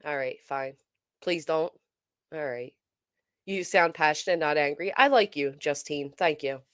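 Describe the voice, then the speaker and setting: Forceful, talkative woman livestreamer. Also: sits low, measured pace, no echo. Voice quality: tends to sound forceful, described as angry. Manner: animated, emphatic, talks straight to chat. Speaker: livestream host. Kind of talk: casual livestream chat.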